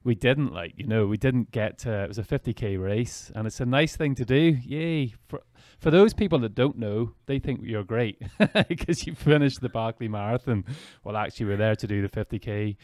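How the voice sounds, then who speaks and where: A man's voice: mid-range voice, normal speed, few pauses, darkish tone, dry recording, studio quality. A man hosting a podcast, reflecting in casual chat with hesitant, repeated words. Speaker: podcast host.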